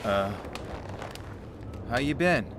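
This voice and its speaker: An actor playing a hesitant man in a game cutscene, speaking haltingly. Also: mid-range voice, lively intonation, background noise. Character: hesitant man meeting an old friend.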